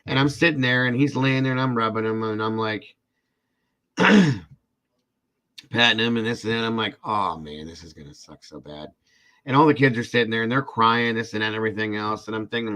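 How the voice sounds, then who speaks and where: The host of a live true-crime show spins a long, loose story in a fairly bright voice of ordinary middle pitch. He wanders, leaning on fillers and repetitions like "this and that," and addresses the people watching in chat.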